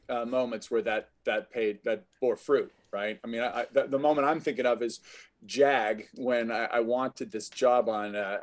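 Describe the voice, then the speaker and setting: A middle-aged man is a guest on an interview podcast, sharing stories from his acting career. He talks loosely and conversationally, often breaking off a phrase and starting it again. His pitch sits in the ordinary middle range for a man. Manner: anecdotal, restarts phrases often. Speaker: guest actor.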